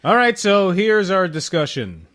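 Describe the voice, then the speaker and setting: A man's voice: high voice, big pitch swings, a little slow, a bit bright. A man hosting a casual chat, teasing dryly and steering the talk. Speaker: podcast host.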